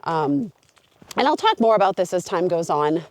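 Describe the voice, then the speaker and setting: A woman's voice: medium pitch, sing-song, normal speed, no echo. A woman hiking a long trail, talking to her camera outdoors in an earnest, open and heartfelt way. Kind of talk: reflective talk to camera.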